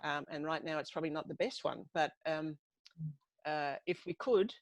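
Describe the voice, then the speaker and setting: A woman's voice: deep voice, moderate pace, no room sound, rough recording. An Australian woman author in a casual video-call chat, musing aloud and searching for her words. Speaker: author guest.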